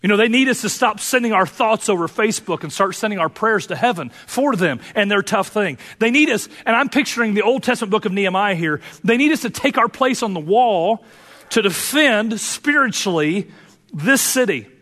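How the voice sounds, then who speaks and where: An earnest male pastor delivering a sermon in a church sanctuary, his voice sitting a bit high for a man. He moves between fervent urging and quiet, personal confession. A long hall reverb trails each phrase. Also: animated, moderate pace.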